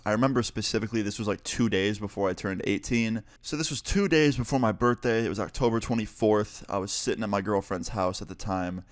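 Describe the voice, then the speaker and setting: A young man tells a story on his vlog in a low voice, animated and excitable, swearing freely. He speaks close to the mic in a dry room. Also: no echo. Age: young adult. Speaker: YouTuber telling a story.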